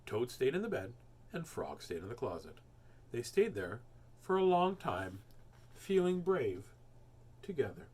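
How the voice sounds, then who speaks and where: A man reading a children's storybook aloud as host, expressive and animated. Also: mid-range voice, a little slow, pauses often, slightly rough. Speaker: children's book reader, host.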